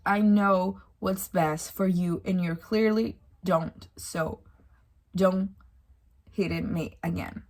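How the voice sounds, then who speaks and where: A woman's voice: medium pitch, slow. A young woman reviewing a book in a casual vlog, ranting in exasperation with sighs and swearing.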